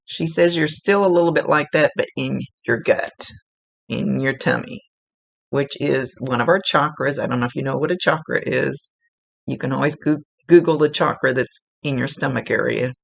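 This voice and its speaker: Gravelly-voiced woman giving a psychic reading. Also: extremely low pitch, normal speed. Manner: gently instructive, relaying messages, with asides. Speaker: psychic medium. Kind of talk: casual spoken reading to a client.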